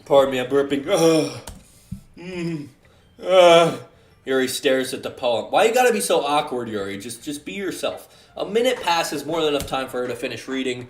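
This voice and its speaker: Casting: sarcastic let's-play man with a lively voice, roomy echo. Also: mid-range voice, moderate pace, faint music behind. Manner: sarcastic, joking, swears. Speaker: gaming YouTuber.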